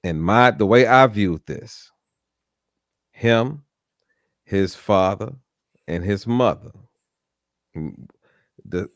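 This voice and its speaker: A man with a lowish voice gives casual commentary on a live talk stream. He stumbles through his points and repeats words as he goes. The sound is dry and close to the mic. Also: no room sound. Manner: halting, repeats himself. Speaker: host.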